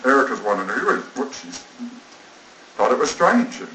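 A man's voice: medium pitch, sing-song, moderate pace, sharp tone. A man telling a personal story in a sermon, earnest and rambling, acting out the dialogue. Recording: roomy, distant mic, faint noise.

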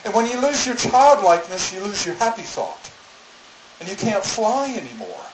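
A man preaching in a storytelling way, now and then doing the voices of the people in his story. His voice sits a little high for a man, and the room rings with echo over steady background noise. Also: moderate pace. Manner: storytelling, acts out voices in quotes. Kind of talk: sermon.

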